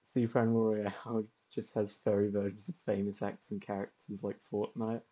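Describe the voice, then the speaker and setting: A man's voice: lowish voice, flat delivery, moderate pace, mellow. A man streaming a video game, chatting casually and laughing often as he plays. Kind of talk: casual gameplay commentary.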